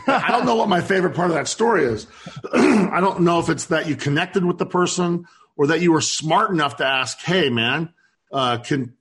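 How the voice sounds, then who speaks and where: A man's voice: on the high side, moderate pace, a bit bright. A man hosting a business podcast, reacting with enthusiasm and asking questions. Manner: enthusiastic, effusive interviewer. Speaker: podcast host. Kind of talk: interviewing.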